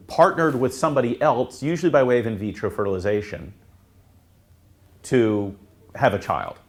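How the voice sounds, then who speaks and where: A man, a priest, teaching students in a classroom in a casual, halting way, with many fillers and restarts. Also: mid-range voice. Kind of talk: informal classroom talk.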